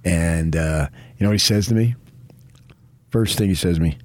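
A man's voice: deep voice, moderate pace, a little mellow, no room sound. A man hosting a morning sports radio show in a studio, talking with effusive, emphatic praise. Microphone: studio microphone.

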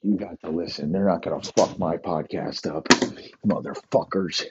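A man's voice: sits low, moderate pace, lo-fi sound, heavy background noise. A man hosting a podcast, ranting profanely in a rambling comic monologue. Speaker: podcast host. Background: dogs barking.

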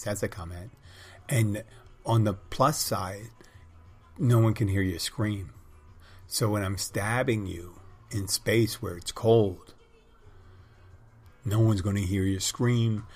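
Low husky man rambling wryly. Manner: wry, crude, rambling storytelling. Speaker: podcast host. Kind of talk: casual rambling monologue.

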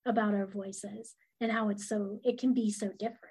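A woman podcast host with a soft, soothing voice who speaks hesitantly and uses many fillers. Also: mid-range voice, level tone, normal speed, husky. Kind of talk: podcast interview conversation.

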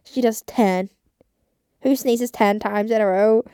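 A woman's voice: medium pitch, takes it slowly, dark tone, clean tone, no room sound, studio quality. A woman in her twenties hosting a casual solo podcast, rambling and chatty, swearing often and saying "like" constantly. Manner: rambling, chatty, swears a lot, heavy use of like. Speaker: podcast host.

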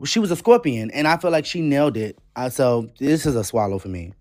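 A man's voice: mid-range voice, animated, brisk, darkish tone, dry recording, clean studio sound. A man co-hosting a podcast, leading a segment in a playful, bawdy way. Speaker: podcast co-host. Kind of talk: casual reality-show recap chat.

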